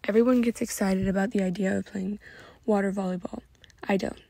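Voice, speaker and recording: A woman's voice: mid-range voice, steady tone, fairly quick, creaky, dark tone, dry recording. A woman reading fan fiction aloud in a plain, unpolished way with occasional slips. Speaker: reader.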